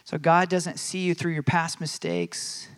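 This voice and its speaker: A man's voice: a little high, a little slow. Conversational man preaching a sermon. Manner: conversational, many fillers and restarts; animated, acts out quoted voices.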